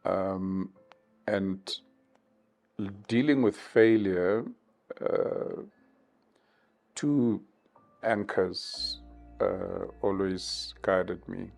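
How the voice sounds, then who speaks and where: A man in his fifties from South Africa, giving measured, thoughtful interview answers with many pauses. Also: sits low, steady tone, gravelly, a little mellow, soft background music. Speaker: interview guest.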